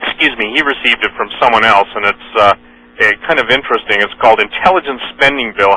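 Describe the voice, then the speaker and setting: A man's voice: medium pitch, pushed and bright, rough recording. A man hosting a radio talk show, reading news items and quotes aloud in an earnest manner, often correcting himself mid-sentence. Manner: earnest, with frequent fillers and self-corrections.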